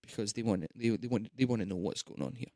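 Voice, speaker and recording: A man's voice: lowish voice, fast, warm tone, no echo, studio quality. A man, casually narrating a tabletop game as game master. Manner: casual, chatty, with fillers.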